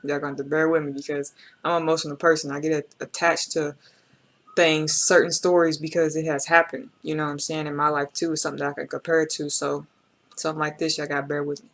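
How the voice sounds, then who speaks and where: A woman's voice: deep voice, flat delivery, fast, a bit bright. A woman hosting a reaction video, talking in an emotional, reflective and casual way and speaking straight to her viewers with slang.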